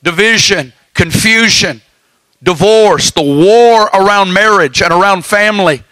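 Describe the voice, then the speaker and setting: Male preacher, high and bright, fervent exhorting sermon delivery, laughs often, dry close sound. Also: measured pace, clean tone, dry recording.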